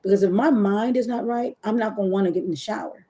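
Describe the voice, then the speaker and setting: A middle-aged woman hosting a casual live stream, chatty and animated, talking straight to her viewers and often stopping to correct herself. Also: medium pitch, fast talker. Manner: self-correcting, searches for words. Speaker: webcam model host.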